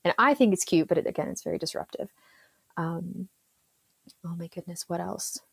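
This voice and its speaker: A woman's voice: on the low side, normal speed, gravelly, husky, no echo. Chatty, dry-sounding woman who laughs often. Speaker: therapist, podcast guest. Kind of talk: casual interview chat.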